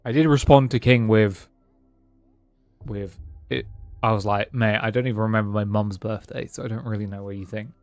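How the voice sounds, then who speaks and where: A man's voice: on the low side, fairly even intonation, moderate pace, darkish tone, dry recording, faint music behind. A man streaming a game, chatting casually and reading game lines aloud. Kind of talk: casual gameplay commentary.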